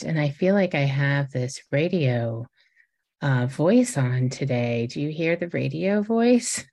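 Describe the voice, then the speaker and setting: A woman's voice: low-pitched, lively intonation, slow pace, a little mellow. A woman in her forties hosting her own podcast, telling personal stories in an earnest, reflective way with frequent restarts. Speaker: podcast host. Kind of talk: reflective casual podcast monologue.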